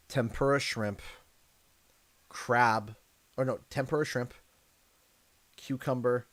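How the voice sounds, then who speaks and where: A young man, hosting a gaming livestream and chatting with viewers in a jokey, animated way. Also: on the low side. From Canada. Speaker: livestream host. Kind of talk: casual gaming livestream chat. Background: game music.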